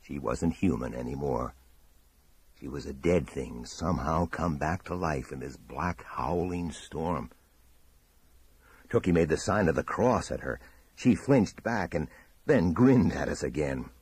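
A man reading a horror audiobook in a measured, dramatic storytelling manner. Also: rumbling low, a little mellow, slightly rough, dry recording. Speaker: audiobook narrator. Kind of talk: scripted horror narration.

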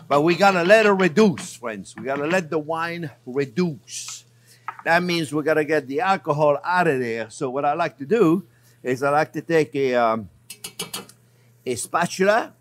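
A man's voice: fairly high pitch, a little slow, a little hiss or hum. A man hosting a cooking show in a kitchen, chatty and enthusiastic, talking to his viewers as friends. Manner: animated, enthusiastic. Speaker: chef and cooking show host. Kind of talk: cooking demonstration.

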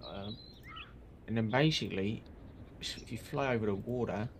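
A man's voice: lowish voice, normal speed, a little hiss or hum. A man chatting casually with friends while playing a video game, playful and jokey. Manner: playful, jokey mock accents. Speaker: streamer. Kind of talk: casual gaming chat with friends.

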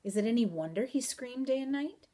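A woman reading aloud in the voice of a mysterious, teasing wandering man with calm, old-country phrasing. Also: on the high side, fairly quick, pitched above the performer's own voice, natural voice. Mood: wry. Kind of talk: audiobook reading.

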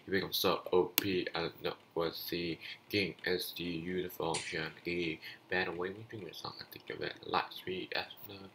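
A man doing live gameplay commentary as a gaming youtuber, excitable and swinging from frustrated yelling to low muttering. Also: moderate pace, background noise.

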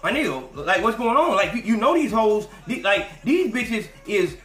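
High, bright-voiced man ranting on a podcast. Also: normal speed, reverberant, soft background music. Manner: animated, profane, mocking, slips into quoted voices. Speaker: podcast host. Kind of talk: profane commentary rant.

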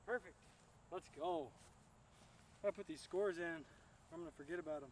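A young man, chatting excitably to viewers as he narrates his own disc golf round outdoors. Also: fairly high pitch, moderate pace, a little hiss or hum. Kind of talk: casual play-by-play self-commentary.

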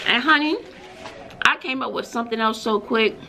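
A woman teacher with a Texas accent vlogs casually from her classroom at lunch, her slightly high voice at normal speed with vocal fry and long pauses. She's chatty and animated, breaking into sudden squeals as she tells stories, with slight background noise.

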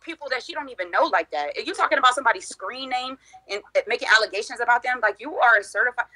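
A woman's voice: on the high side, animated, racing, sharp tone, low-quality recording. A woman guest on a livestream panel, talking heatedly and emphatically, with lots of filler words. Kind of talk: casual group livestream chat.

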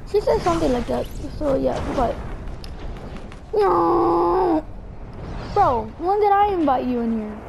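A woman giving live gameplay commentary, chatty and excitable, talking straight to her viewers. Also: sits high, slow, creaky, pauses often, background noise.

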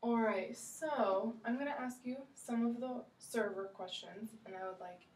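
A woman teaches English at a slow, encouraging pace and repeats phrases so a learner can follow. Her voice sits fairly high. It is heard from a distance in an echoey room. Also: a little mellow. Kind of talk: ESL role-play lesson.

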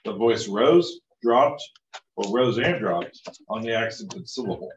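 A man's voice: on the low side, animated, a little slow, slight background noise. A man reading textbook passages aloud in class and asking short questions. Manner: reads steadily, asks short questions. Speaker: student. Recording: roomy, distant and muffled.

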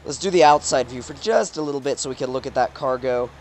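A gaming YouTuber with a stuffed-up nose rambles through casual commentary while playing a driving game, often exclaiming at the road. His voice is mid-range, fast and a little mellow.

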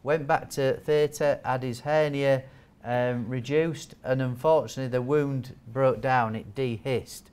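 A man's voice: mid-range voice, fairly even intonation, measured pace, a little mellow, smooth. A man giving a training talk to nurses as a wound care trainer, chatty and joking, quizzing the audience. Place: training hall with a live audience.

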